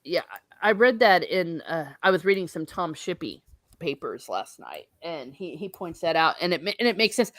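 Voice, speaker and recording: A woman's voice: on the low side, fairly bright tone, no echo. A woman hosting a casual book discussion livestream, enthusiastic and rambling, who breaks into reading passages aloud.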